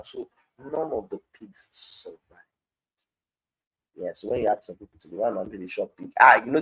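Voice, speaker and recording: A man's voice: medium pitch, breathy edge, poor audio. A man with a Nigerian accent leading a live-streamed Bible study, reading scripture aloud and then explaining it in Pidgin-laced commentary.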